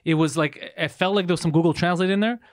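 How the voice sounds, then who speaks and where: A man telling stories in casual chat, profane and animated, acting out quotes. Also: sits high, fast, no echo, studio quality. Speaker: podcast co-host.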